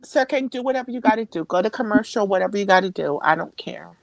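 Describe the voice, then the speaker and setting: A woman's voice: mid-range voice, lively intonation, fast, vocal fry, dry recording, poor audio. A woman telling a personal family story as a talk show guest, hesitating and repeating herself with many fillers. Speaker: interview guest.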